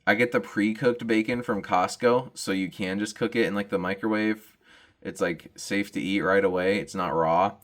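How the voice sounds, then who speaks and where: A man's voice: on the low side, steady tone, moderate pace. A young man with hiccups, doing a rambling, self-deprecating comic monologue and laughing at his own jokes. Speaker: comedian vlogger.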